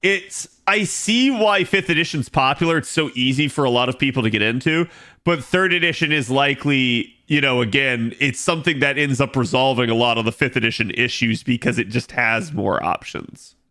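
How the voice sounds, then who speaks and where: Bright-voiced man chatting on a stream. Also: medium pitch, normal speed. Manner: rambling, thinks aloud with many fillers. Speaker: game streamer chatting with viewers. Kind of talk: casual live-stream chat.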